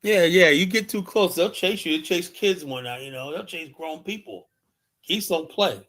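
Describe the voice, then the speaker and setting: A man on a home live stream tells rambling stories to his chat. His voice sits a bit high for a man, and he leans on fillers as he talks. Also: normal speed, fairly bright tone. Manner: rambling, storytelling, lots of fillers like "and whatnot". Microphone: streaming mic.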